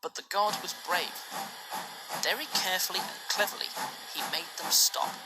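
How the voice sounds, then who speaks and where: A woman reading a children's train story aloud in an expressive storytelling style. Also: lowish voice, moderate pace, loud music behind the voice, rough recording.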